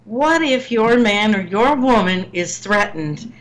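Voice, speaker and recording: A woman's voice: mid-range voice, animated, slow, poor audio. Woman hosting a chatty talk show, playful, laughs a lot. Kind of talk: casual radio talk show chat.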